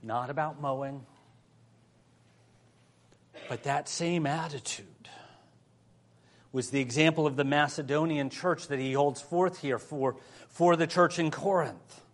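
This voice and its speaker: A male pastor preaching a sermon, telling a humorous personal story and moving between soft prayer and lively emphasis. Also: on the high side.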